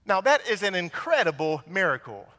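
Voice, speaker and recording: Male preacher, storytelling sermon, tense bright tone, church reverb. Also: high-pitched, very animated, moderate pace. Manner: storytelling, rhetorical questions to the congregation. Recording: long hall reverb.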